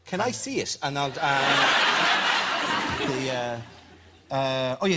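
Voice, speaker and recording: A man's voice: medium pitch, takes it slowly, pauses often, heavy background noise. An Irish man chatting as a guest on a talk show, telling stories in a jokey, self-deprecating way. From Ireland. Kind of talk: casual chat. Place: TV studio with audience.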